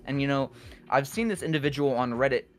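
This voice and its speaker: A man's voice: mid-range voice, quick pace. A young man, a guest music producer, chatting candidly on a podcast and rambling with lots of fillers. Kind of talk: casual podcast chat.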